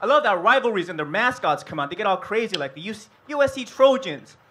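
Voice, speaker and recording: A man performing a stand-up set on a club stage with a measured, deadpan delivery. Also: high-pitched, breathy edge. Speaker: stand-up comedian.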